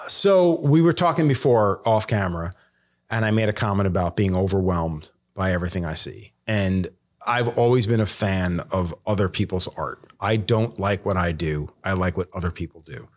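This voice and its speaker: Profane, animated tattoo-artist guest. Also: male voice, low-pitched, moderate pace. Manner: swears a lot, animated when retelling others. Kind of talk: casual podcast chat.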